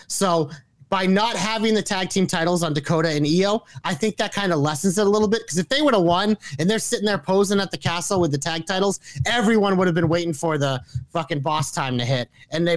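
Male podcast co-host, high-pitched, lively and profane, ribbing his partner. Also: no echo. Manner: animated, profane, teasing banter. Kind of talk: casual chat.

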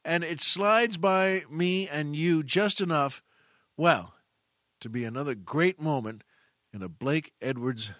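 A man's voice: on the high side, takes it slowly, bright, forceful tone, no echo, clean studio sound. A man hosting a podcast, telling a film anecdote in a chatty, enthusiastic way, often restarting his phrases. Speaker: podcast host. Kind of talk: casual anecdotal storytelling.

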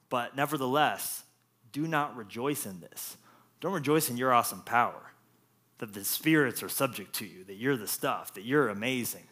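A man preaching a lively, jokey sermon as pastor, acting out quotes with playful voices. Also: mid-range voice, normal speed, husky, some chatter behind.

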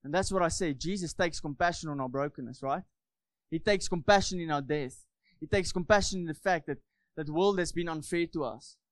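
A man's voice: on the high side, a little fast, no room sound. A man preaching a sermon in a church, fervent and repetitive, often asking for amens. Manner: fervent, repeats phrases, asks the congregation for amens.

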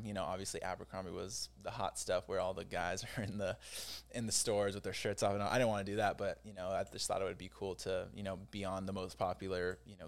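A man's voice: fairly low pitch, clean tone. A young man telling a personal story in a casual, rambling way, with many fillers and restarts.

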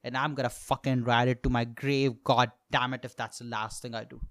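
A man's voice: mid-range voice, flat delivery, a little fast, no room sound, clean studio sound. A man in his twenties hosting a solo comedy podcast, ranting with lots of swearing and laughing at his own jokes. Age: 20s. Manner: profane ranting, laughs at own jokes, sudden loud outbursts. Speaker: podcast host, stand-up comedian.

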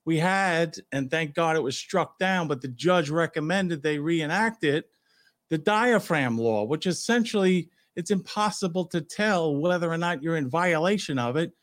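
A man's voice: on the high side, animated, moderate pace, a bit bright. A man with a New York accent, a retired police officer co-hosting a talk show, speaking in an emphatic, opinionated way. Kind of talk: casual talk show chat.

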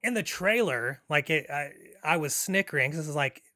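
A man hosting a podcast, talking about a film casually, rambling with many fillers and restarts and getting excited. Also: on the high side, normal speed, no room sound, studio quality. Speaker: podcast host.

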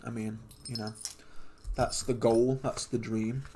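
A man hosts a loose, unscripted podcast from a home computer mic over a voice call. He rambles, mocks himself, and trips over his words, at a middle pitch. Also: flat delivery, unhurried, mellow, slight background noise. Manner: rambling, self-mocking, stumbles over words. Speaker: podcast host. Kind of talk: casual chat.

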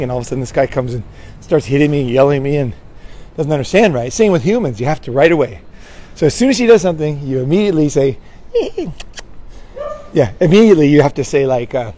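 A man's voice: on the high side, expressive, fast, dark tone, slight background noise. A man giving relationship advice in a rambling casual monologue, often tagging lines with "right?" and restarting his sentences. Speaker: dating advice speaker.

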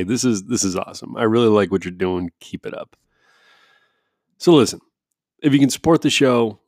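A man's voice: fairly low pitch, a little mellow, no room sound, studio quality. A man hosting his own podcast, talking casually and sarcastically to listeners, swearing freely and often restarting his sentences. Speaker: podcast host.

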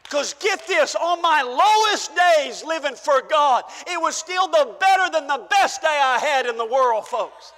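An older man preaching a fervent sermon as pastor in a church, shouting praise and then dropping to a hush. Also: extremely high pitch, lively intonation, unhurried, hardly any pauses. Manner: shouting, exclaiming hallelujah, swinging between loud and soft. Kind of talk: pentecostal sermon. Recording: church hall reverb.

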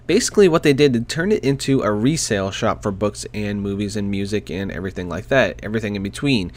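A man's voice: on the low side, expressive, quick pace. A young man casually telling a personal story into a desk microphone, chatty and self-deprecating, laughing often. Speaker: vlogger.

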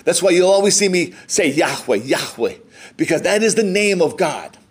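A man's voice: sits high, lively intonation, moderate pace, breathy edge. An American man preaching a sermon, reading scripture aloud and explaining it in a conversational way. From United States. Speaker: pastor.

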